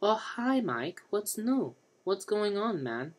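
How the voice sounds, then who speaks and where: A man voicing an odd, overly cheerful man who talks in a high, strained, halting way. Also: very animated, heavily acted.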